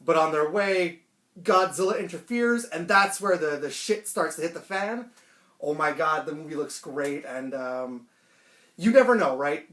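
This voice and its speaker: A man chatting excitedly and swearing casually through a home unboxing vlog. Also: a little high, measured pace. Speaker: toy collector vlogger. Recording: roomy echo, faint background music.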